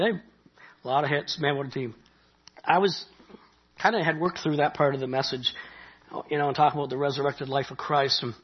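A middle-aged pastor from Nova Scotia, Canada, delivers a sermon in a loose, conversational style with a high, husky voice. He climbs to animated peaks, then falls back into quiet asides. The audio is dull and lo-fi.

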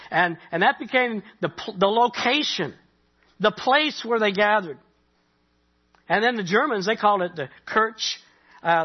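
A middle-aged Canadian pastor preaching in a loose, conversational way, his voice high and husky. He builds to animated peaks and drops back to quiet asides. The recording sounds dull and lo-fi. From Nova Scotia, Canada. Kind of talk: sermon.

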